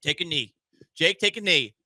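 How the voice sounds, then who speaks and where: A man hosting sports talk radio from a studio, joking and animated, restarting his sentences often. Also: on the high side, normal speed, no room sound.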